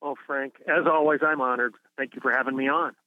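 A man's voice: medium pitch, steady tone, fairly quick, no echo. A university president calling into a radio interview, an emphatic man who builds his points through repetition in a preacherly way. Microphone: telephone. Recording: tinny phone line.

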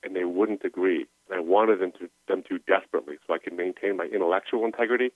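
A man's voice: low voice, fairly even intonation, quick pace, no room sound. A middle-aged man telling his personal story as a guest, earnest and emotional, over a tinny phone line. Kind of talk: personal testimony.

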